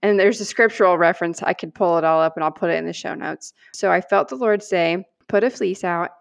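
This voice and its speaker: A woman co-hosting a podcast, telling a personal story in an animated, earnest way and acting out the lines she quotes. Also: fairly low pitch, fairly quick, gravelly. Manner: animated storyteller, acts out quoted prayers and dialogue; earnest and heartfelt. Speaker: podcast co-host.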